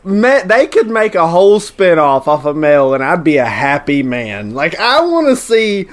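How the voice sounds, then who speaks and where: A man's voice: fairly high pitch, very animated, moderate pace. A man in a casual movie commentary chat, easygoing and telling scenes like stories with chuckles.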